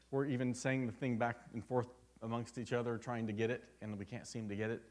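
A man's voice: mid-range voice, little pitch movement, a little fast, a little mellow. A man preaching a sermon at a church service, telling a personal story in an earnest, conversational way. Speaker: pastor.

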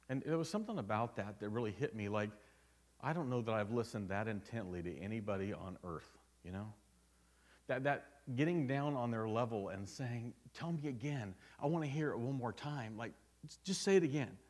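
Earnest low-voiced male pastor preaching. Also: darkish tone. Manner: earnest, conversational storytelling. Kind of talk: sermon. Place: church service.

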